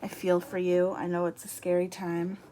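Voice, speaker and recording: A woman's voice: lowish voice, monotone, normal speed, warm tone, slight background noise. A young woman chatting casually to camera from her room at home, rambling and laughing as she talks, a little out of breath. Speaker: vlogger.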